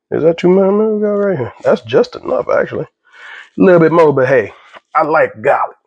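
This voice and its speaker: A man's voice: fairly high pitch, dry recording. Rambling, jokey man cooking at home. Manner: rambling, jokey, easily sidetracked. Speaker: vlogger. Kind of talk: casual cooking vlog. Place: home kitchen.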